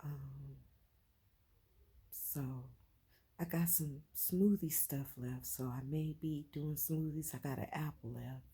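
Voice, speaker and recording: Low husky woman talking from the heart. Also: fairly even intonation, takes it slowly. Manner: heartfelt, swings from quiet to loud and emphatic, repeats phrases. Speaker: vlogger. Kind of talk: emotional personal vlog.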